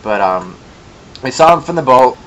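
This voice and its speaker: A man's voice: medium pitch, normal speed, low-quality recording. Chatty young man telling a gossipy story. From Michigan, US. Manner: chatty, gossipy, animated quoting with sassy asides. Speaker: vlogger. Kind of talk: casual storytelling vlog.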